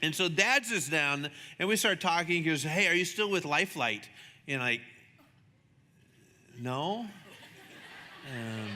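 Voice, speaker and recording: A man preaching a sermon as a pastor, chatty and animated, acting out the voices in his stories. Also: slow pace, long pauses, slight background noise. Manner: conversational, animated, acts out dialogue with shifting pitch. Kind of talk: sermon with storytelling. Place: church sanctuary. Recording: long hall reverb.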